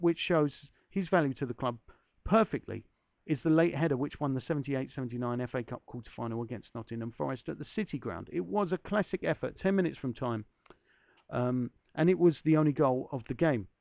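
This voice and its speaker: Male host reading aloud, breaks off to address listeners, gravelly voice, dry muffled recording. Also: a little high, a little fast, dry recording. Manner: self-deprecating, addresses listeners directly. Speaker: podcast host. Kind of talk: reading a book aloud with chatty asides.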